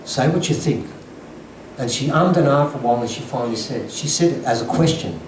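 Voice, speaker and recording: A man's voice: mid-range voice, quick pace. Man, conference speaker, earnest emphatic storytelling, echoey hall, distant mic, faint room hum. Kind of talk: lecture to an audience.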